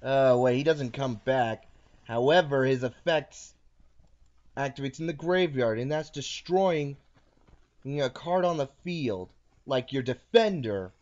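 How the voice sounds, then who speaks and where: A man hosts a casual card game session, playfully narrating each move as he chats. His voice is medium-pitched with a darkish tone and a measured pace, and the sound is lo-fi.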